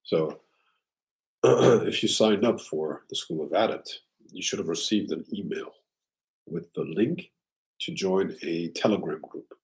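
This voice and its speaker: A man with a very low voice talks at an unhurried, drawn-out pace as he hosts a casual live stream. He keeps things loose and clears his throat often between thoughts. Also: darkish tone, poor audio.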